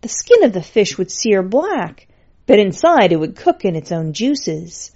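A woman's voice: medium pitch, big pitch swings, measured pace, warm tone, muffled recording. A woman voicing a plucky, wry young woman cook who talks in a chatty, playful way. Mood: musing.

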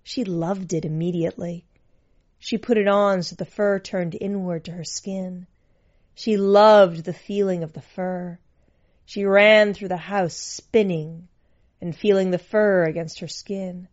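A woman's voice: lowish voice, fairly even intonation, measured pace, a little mellow. Woman reading a story, muffled audio. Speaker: narrator. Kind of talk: reading fiction aloud. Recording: muffled lo-fi recording.

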